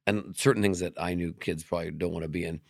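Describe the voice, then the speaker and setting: Chatting candidly as an interview guest, this comedian and magician tells quick anecdotes in a deep, gravelly voice, swearing freely. He acts out quoted dialogue with animated character voices in casual interview talk. The recording is dry, clean studio audio.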